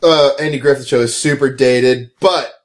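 A man co-hosting a podcast in loose, casual chat. His voice sits at an ordinary pitch, and he talks in a laid-back way, swearing freely and laughing often. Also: steady tone, moderate pace. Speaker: podcast co-host.

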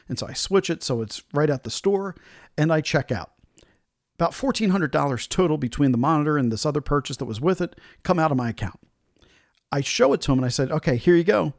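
A man's voice: fairly high pitch, dry recording. Dry-sounding man retelling a frustrating story. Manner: animated, frustrated storytelling with acted-out quotes. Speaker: podcast host. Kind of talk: solo storytelling commentary.

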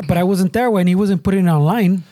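A man rambles through a profane story in casual chat. His voice is mellow and warm. The sound is dry and close. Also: sits high, moderate pace, creaky, no echo. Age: adult parent. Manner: profane rambling storytelling mixing English and Spanish.

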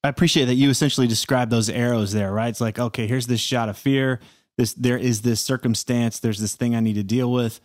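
A man's voice: medium pitch, steady tone, a little fast, darkish tone, no room sound, clean studio sound. A man hosting a podcast interview, thoughtful, repeating words as he searches for his phrasing. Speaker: podcast host. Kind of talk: conversational interview.

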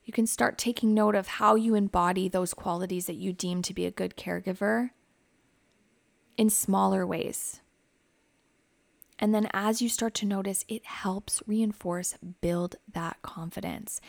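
A woman who hosts a psychotherapy podcast, guiding listeners through reflective questions in a gentle, advising way. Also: medium pitch, fairly even intonation, unhurried, creaky, no room sound. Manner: reflective, asks many questions.

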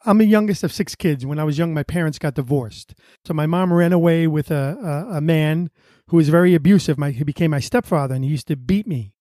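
A man tells his life story in a plain, matter-of-fact way. His tone is mellow and a little high, and the recording is dry and close. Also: a little fast, no room sound. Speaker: panel guest. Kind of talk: personal testimony.

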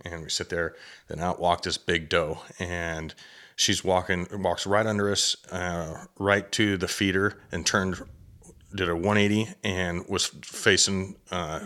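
Deep-voiced guy chatting on a podcast, animated storyteller, gets excited telling it. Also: a little slow. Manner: lively storyteller, gets worked up telling a hunt. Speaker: guest, hunter and drinkware entrepreneur. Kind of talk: casual podcast conversation.

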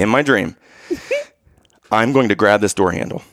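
A young man co-hosting a casual chat, telling a story in a lively, animated way and acting out his own yells. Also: lowish voice, fairly quick, creaky, no room sound, clean studio sound.

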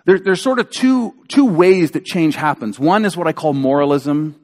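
A man preaching a sermon as a pastor, in a conversational, animated storytelling way with acted-out quotes. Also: fairly high pitch, normal speed. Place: church sanctuary. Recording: church hall reverb.

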